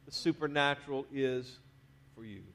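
A man preaching a sermon in a church, talking conversationally, dropping quiet at the ends of phrases and rising to urge the congregation on. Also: mid-range voice, normal speed. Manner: conversational preaching, drops to quiet endings, rises to urge the crowd. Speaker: pastor. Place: church sanctuary.

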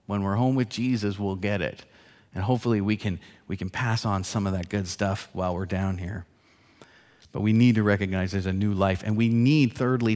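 A man in his forties preaching a sermon as pastor, telling stories with laughs and swinging from loud to soft. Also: on the low side. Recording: long hall reverb.

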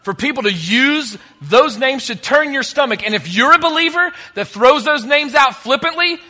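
High bright-voiced male pastor preaching. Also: animated, moderate pace, in a large hall. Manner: conversational, with joking asides. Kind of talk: sermon.

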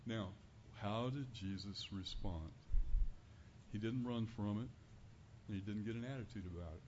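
A man giving an earnest, conversational sermon as a preacher in a church, building to louder emphasis on key points. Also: lowish voice, moderate pace. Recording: dull lo-fi recording with faint room noise.

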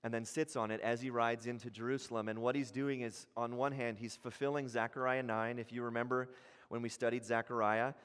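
A man's voice: mid-range voice, fairly quick, clean tone, in a large hall. A man preaching a sermon, acting out crowd voices with many restarts. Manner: animated, acts out crowd voices, frequent restarts. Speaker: pastor.

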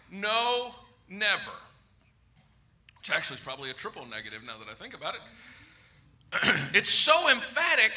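A middle-aged man preaches in a large church sanctuary, his voice high and piercingly bright. He drives each point home with emphasis and drops in humor to get the congregation laughing. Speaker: pastor. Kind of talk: sermon.

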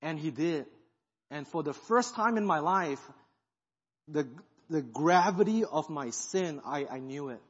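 A guest pastor, a man, giving an animated sermon testimony and acting out the thoughts he is retelling. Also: a little high, a little slow, breathy edge. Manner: animated storytelling, acts out quoted thoughts. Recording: dull sound in a reverberant hall.

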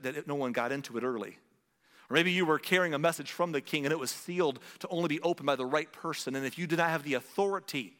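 A man preaching a conversational sermon, asking rhetorical questions and slowing down for dramatic emphasis. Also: on the high side, fairly bright tone, long reverb tail. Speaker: pastor.

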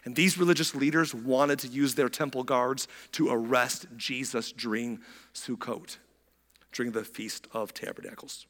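A man preaching a sermon in a casual, conversational way, a bit hoarse from a recent illness, acting out quoted voices as he goes. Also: mid-range voice, steady tone, moderate pace, a bit bright. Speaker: pastor. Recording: long hall reverb.

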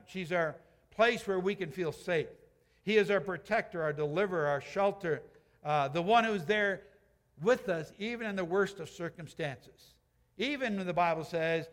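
Earnest high-voiced male preacher. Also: fairly bright tone, long reverb tail. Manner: earnest, repeats phrases, slows down to read scripture. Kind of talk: sermon.

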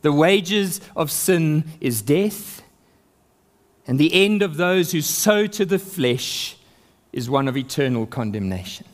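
A man's voice: fairly high pitch, lively intonation, slow. A man preaching an expository sermon, reading scripture aloud and building emphasis.

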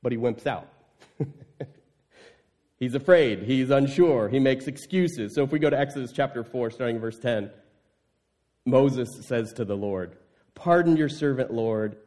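A man's voice: medium pitch, a little slow, pauses often, a little mellow. A male pastor preaching a sermon in an emphatic, conversational way, often asking the congregation rhetorical questions.

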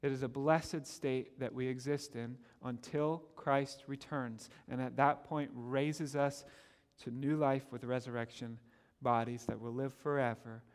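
A man preaching a sermon as pastor, earnest and animated, often stammering on repeated words as he pushes a point. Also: mid-range voice, measured pace, in a large hall.

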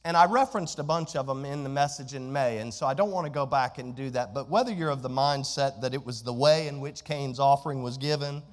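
A man's voice: mid-range voice, brisk, hardly any pauses. A man preaching a sermon as pastor, emphatic and repeating his key phrases. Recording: long hall reverb.

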